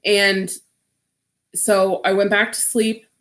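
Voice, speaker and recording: A woman streamer recounting a personal story at an unhurried pace. She rambles, restarts, and fills her sentences with "like," in a mid-pitched voice. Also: little pitch movement, a bit bright. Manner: rambling, full of "like" fillers.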